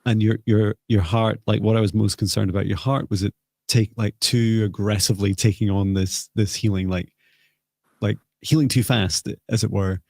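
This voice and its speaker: A man hosting a live psychic healing session, speaking softly and hesitantly with many pauses. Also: lowish voice, flat delivery, creaky, no room sound, clean studio sound. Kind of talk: slow, gentle guided healing talk.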